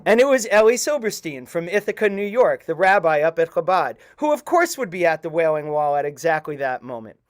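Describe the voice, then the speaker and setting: A middle-aged man telling a personal story to a live audience, earnest and halting with many pauses. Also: on the high side, sing-song. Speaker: storyteller at a community event.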